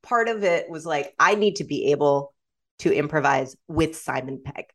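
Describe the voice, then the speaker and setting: A woman guest in casual conversation, telling animated stories and slipping into quoted voices. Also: low voice, normal speed. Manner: animated storyteller who slips into quoted voices.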